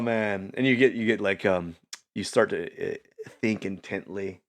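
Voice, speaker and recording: A man's voice: fairly low pitch, fairly even intonation, moderate pace. A man vlogging in a rambling, casual monologue, repeating himself and slipping into mock voices. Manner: restless, repeats words, slips into mock voices. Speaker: YouTube vlogger.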